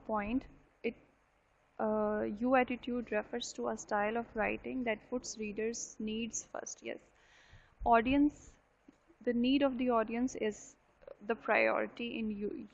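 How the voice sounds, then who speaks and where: A woman's voice: fairly high pitch, gravelly. A woman teaching a live online English class, explaining points, repeating them and often checking with "right?". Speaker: university English lecturer. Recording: dull lo-fi online session audio.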